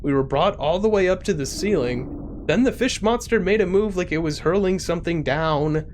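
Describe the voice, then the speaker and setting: A man's voice: high voice, lively intonation, normal speed, darkish tone, a little hiss or hum. A man streaming live, reading a game's story aloud and chatting casually between the lines. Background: game music.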